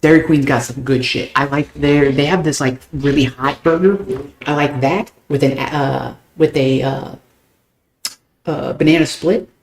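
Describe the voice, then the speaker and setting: A young American man, chatting casually and fast with stream viewers, loose and a bit profane. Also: a little high, steady tone, creaky. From United States. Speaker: game streamer. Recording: roomy echo.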